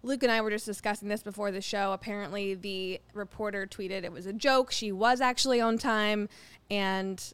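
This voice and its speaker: A female sports podcast co-host introduces segments and gives her take in a measured, casual way. Her voice is smooth and clear. The studio sound is dry and close to the microphone. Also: mid-range voice, fairly even intonation, fairly bright tone, no echo.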